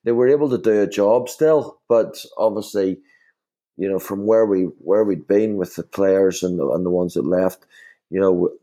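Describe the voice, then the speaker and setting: Deep mellow-voiced man. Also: normal speed. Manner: rambling with many fillers and restarts. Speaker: former footballer guest. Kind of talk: casual podcast chat.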